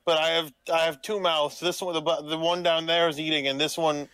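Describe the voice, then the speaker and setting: Man, casual joking game chat, smooth voice, a bit high. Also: little pitch movement, a little fast, a bit bright, no room sound, low-quality recording. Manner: rambling, jokey, swears. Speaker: player.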